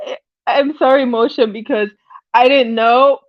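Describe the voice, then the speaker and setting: A woman hosts a casual livestream from home, reading the chat and talking back to it. Her voice sits a bit high, and she rambles, restarts her sentences and keeps breaking into giggles. The sound is dull and dry, like a built-in device mic. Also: fairly even intonation, unhurried, no room sound.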